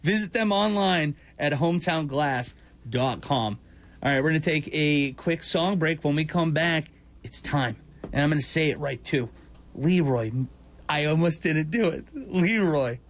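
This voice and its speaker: Playful high-voiced radio host man. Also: moderate pace, fairly bright tone. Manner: playful, self-mocking. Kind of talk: casual radio chat.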